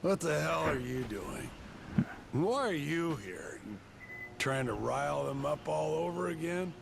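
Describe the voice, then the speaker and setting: A man's voice: on the high side, lively intonation, measured pace, creaky, background noise, exaggerated voice. An actor playing an angry, protective father in a video game, speaking with hostility. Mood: hostile. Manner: hostile, shouting. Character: angry protective father, middle-aged man.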